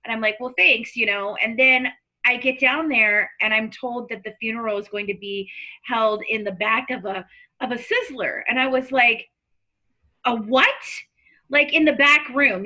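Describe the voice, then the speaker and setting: A woman hosting a true crime podcast, telling personal stories in an animated way and acting out other people's voices. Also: fairly high pitch, moderate pace, poor audio. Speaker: podcast host.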